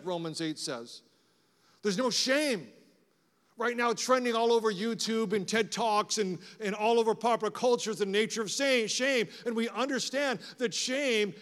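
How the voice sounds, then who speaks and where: A man preaching a sermon, animated and conversational, asking the congregation rhetorical questions. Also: sits high, big-room sound. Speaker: pastor.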